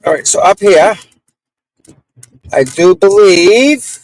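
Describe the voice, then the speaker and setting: A male livestreamer chats with viewers from his car, rambling and complaining about other drivers. His voice sits high and is expressive, he speaks at a slow pace, and the recording is rough.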